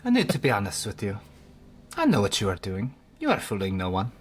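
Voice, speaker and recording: Low-voiced blunt tabletop player. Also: male voice, wildly swooping pitch, a little fast, slightly rough. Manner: blunt and direct, laughs often. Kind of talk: playing a character in a tabletop game.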